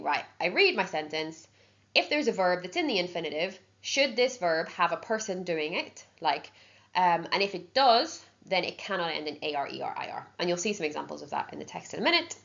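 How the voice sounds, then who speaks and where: A woman's voice: lowish voice, vocal fry, a bit bright. A woman teaching an exam-prep language lesson, explaining patiently step by step and checking in with frequent "okay"s. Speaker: Spanish teacher. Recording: dull lo-fi sound.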